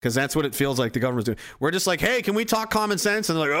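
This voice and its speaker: A middle-aged man rants on his podcast stream, swearing freely and slipping into mocking voices for the people he quotes. His voice sits a little high for a man. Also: rapid-fire, few pauses. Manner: profane, animated, acts out quoted voices. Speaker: podcast host reading chat. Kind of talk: casual livestream rant.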